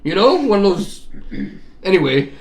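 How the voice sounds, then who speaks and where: Guy, middle-aged, swears a lot, rambly story, kinda high voice. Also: very animated, a little slow. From Canada. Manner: profane, rambling storyteller with frequent laughs. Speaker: vlogger. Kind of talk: casual chat.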